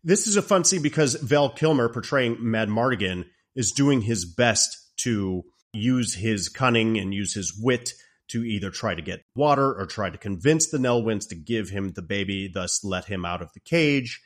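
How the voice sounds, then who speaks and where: A man casually recapping a fantasy film scene, retelling it in an animated way and acting out the lines. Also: on the low side, a little slow. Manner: animated storytelling, acting out quotes. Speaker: podcast co-host.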